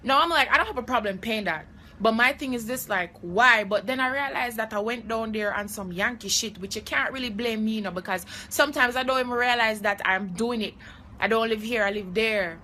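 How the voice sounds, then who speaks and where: Bright-voiced young Jamaican woman. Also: fairly high pitch, fairly quick, slight background noise. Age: young adult. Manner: animated, acts out voices in her stories. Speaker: comedy vlogger. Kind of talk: comic storytelling vlog.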